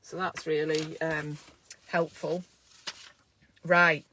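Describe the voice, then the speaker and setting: A woman's voice: sits low, flat delivery, drawn-out words, bright, forceful tone, slight background noise. A woman who is a midwife, talking casually to camera in a self-care vlog, chatty and encouraging as she thinks aloud from a small room at home.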